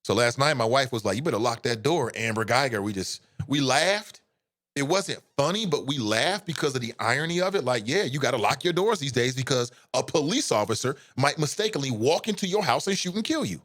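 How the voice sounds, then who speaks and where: A man's voice: medium pitch, very animated, fairly quick, a bit bright. A man hosting a live show at home, giving blunt, impassioned and profane opinion commentary.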